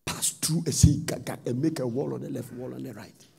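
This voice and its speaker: A man preaching a sermon, telling stories and rising into sudden loud sung-out phrases. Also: mid-range voice, a little fast, creaky, slightly rough.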